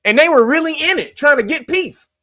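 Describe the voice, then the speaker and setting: A man's voice: very high-pitched, expressive, brisk, pushed and bright, dry recording. A man hosting a commentary show, talking bluntly and profanely, laughing often and mocking what he reads. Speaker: commentary podcast host.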